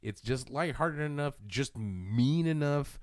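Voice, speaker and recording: A man co-hosting a casual horror movie podcast, animated and jokey, swearing freely. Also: mid-range voice, takes it slowly. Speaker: podcast co-host. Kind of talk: casual chat.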